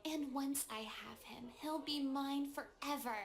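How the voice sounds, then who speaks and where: A woman's voice: high-pitched, a little slow. A woman voicing a lovesick, scheming teenage girl animatronic chicken in a game cutscene, reading her diary in a dreamy, gushing way. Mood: obsessive.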